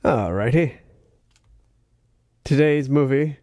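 A man's voice: mid-range voice, slow pace, a little mellow, dry recording, clean studio sound. A man co-hosting a movie review podcast, joking and rambling in casual chat. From United States. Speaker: podcast co-host.

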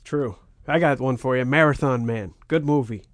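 A man's voice: mid-range voice, normal speed, dry recording, studio quality. A man co-hosting a casual talk show, laid-back and wry, trailing into mumbled asides. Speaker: podcast co-host. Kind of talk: casual chat.

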